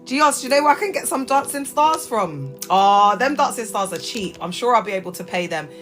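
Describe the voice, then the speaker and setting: A British woman hosting a casual livestream chat, talking in lively slang and laughing often. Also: fairly high pitch, a little fast, faint music behind. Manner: chatty and animated, laughs often, heavy slang. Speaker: livestream host.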